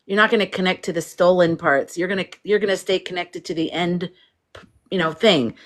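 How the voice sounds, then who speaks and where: A woman's voice: fairly low pitch, steady tone, a little fast. A woman hosting a casual livestream, chatting freely, reading viewer comments aloud and laughing often. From United States. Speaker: livestream host.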